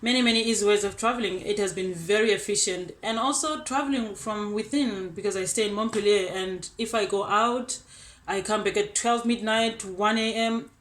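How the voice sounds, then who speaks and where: A young woman with a South African accent talks through her student experience in a chatty, upbeat way. Her voice sits at an ordinary middle pitch. The sound rings a little, as if recorded in a roomy space. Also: fairly bright tone. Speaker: exchange student. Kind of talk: casual testimonial. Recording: roomy echo.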